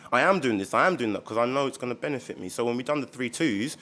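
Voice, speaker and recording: A man's voice: mid-range voice, expressive, fast, a bit bright, a little hiss or hum. A man who works as a personal trainer, talking casually as a podcast guest in a laid-back, slang-heavy, emphatic way. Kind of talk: casual chat.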